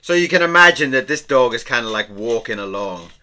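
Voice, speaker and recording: A man talking casually as he draws, chatty and meandering, often trailing off into a soft murmur. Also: medium pitch, animated, fairly quick. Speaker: artist and vlogger. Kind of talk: casual narration while drawing.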